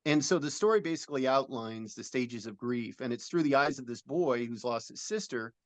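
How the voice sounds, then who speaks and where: A man's voice: mid-range voice, lively intonation, fairly quick, no room sound. A middle-aged man, a film director, being interviewed and describing a film idea in an earnest, rambling storytelling way.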